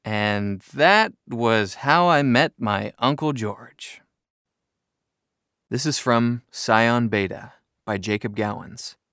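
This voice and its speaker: Slow, dry-voiced male storybook reader. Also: on the low side, a bit bright, clean tone, no echo. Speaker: reader of book excerpts. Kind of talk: storybook reading.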